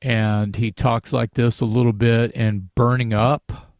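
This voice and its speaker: A man's voice: mid-range voice, flat delivery, a little slow, darkish tone, no echo. Guy rambling about an album on a podcast, lots of uh and restarts, mid voice, dead dry sound. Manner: rambling, many restarts and fillers. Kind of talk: casual podcast album discussion.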